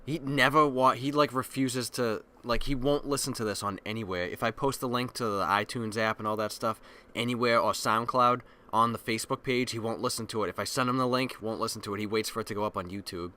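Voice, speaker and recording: A man's voice: medium pitch, fairly even intonation, brisk, sharp tone. A man in his thirties hosting a podcast, chatting casually, joking and swearing loosely. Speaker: podcast host. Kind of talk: casual chat.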